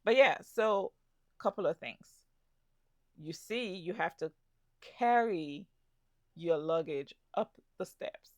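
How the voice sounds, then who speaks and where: A woman's voice: on the low side, animated, takes it slowly, pauses often, darkish tone, no room sound, clean studio sound. A woman telling her travel story in a chatty vlog, with asides to the viewer. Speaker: travel vlogger. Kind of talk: casual travel vlog narration.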